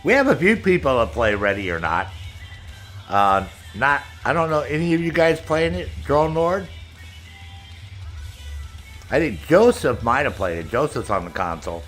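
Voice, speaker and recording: An older man hosts a casual live stream, rambling through a story and cursing freely as he goes. His voice sounds bright and forceful. Faint music plays underneath. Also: medium pitch, sing-song, normal speed, long pauses. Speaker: streamer host.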